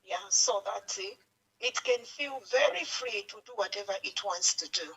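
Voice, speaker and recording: Heard through a phone line on a radio talk show, an anonymous Zambian woman calls in with an emotional comment, pleading earnestly and repeating herself. Her accent is Zambian, and her medium-pitched, slightly bright voice moves at a moderate pace with some vocal fry.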